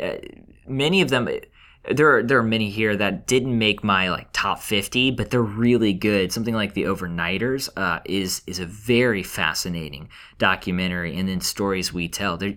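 A man co-hosting a film podcast, upbeat and quick to laugh. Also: on the low side, sharp tone. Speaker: podcast co-host. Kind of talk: casual film discussion.

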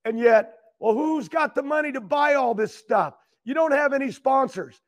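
A man's voice: very high voice, normal speed. An older man telling a long, emotional story as a guest, rambling and repeating words as he gets worked up. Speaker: guest, retired champion racer.

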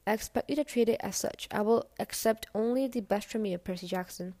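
A woman voicing a demanding male teacher who speaks in a formal, earnest, measured way. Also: mid-range voice, warm tone, dry recording, natural voice. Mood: stern.

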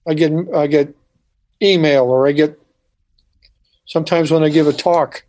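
A man telling a personal story in conversation, halting with frequent restarts and dropping quiet at moments. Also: a little high, steady tone. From United States. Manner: halting, restarts often, quiet when recalling. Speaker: speaker telling his life story.

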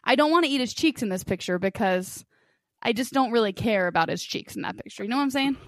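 A woman's voice: fairly high pitch, animated, fast talker, no room sound. A young woman co-hosting a podcast, chatting playfully and laughing often. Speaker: podcast co-host. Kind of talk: casual chat.

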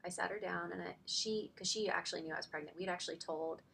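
Gravelly, bright-voiced woman telling her story. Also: on the low side, quick pace, a little hiss or hum. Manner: chatty, fills speech with "like"; emotional, close to tears at times. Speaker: podcast guest. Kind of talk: personal storytelling in a faith podcast conversation.

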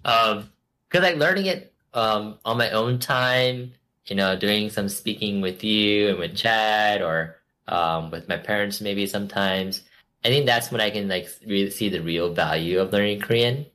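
A man's voice: lowish voice, measured pace, pushed and bright. A man hosting a casual podcast chat, rambling with plenty of fillers. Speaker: podcast host.

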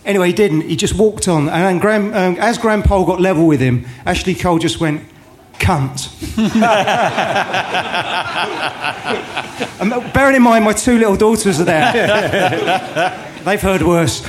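A man's voice: high voice, a little slow, pauses often, slight background noise. A middle-aged man telling an anecdote on a live podcast, hesitant and full of fillers. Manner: storytelling with many hesitations.

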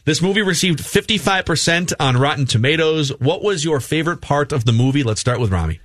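A man hosts a casual movie review podcast, steering the talk and tossing questions to his cohosts. His pitch swings lively and the recording is dry and close. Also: a little fast, no echo. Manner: leads the talk, asks the others questions. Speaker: podcast host.

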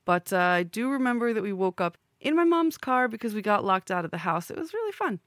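On a podcast she co-hosts, this New York–area woman rambles through stories with wry humor, a slight lisp, and some swearing. Her mid-range voice is very animated and a little fast, and the studio-quality recording has no echo.

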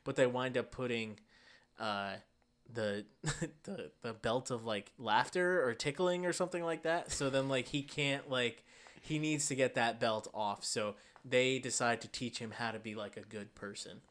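A man's voice: mid-range voice, fairly even intonation, measured pace, a bit bright. A man co-hosting a casual podcast, rambling through a summary with lots of fillers. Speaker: podcast co-host. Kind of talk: casual chat.

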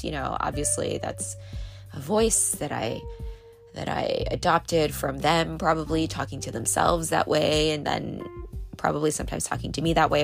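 On a boat, a woman hosts a podcast in a low, unhurried voice with vocal fry while soft music plays behind her. Her talk is a casual confessional monologue, rambling and candid, packed with fillers and little laughs.

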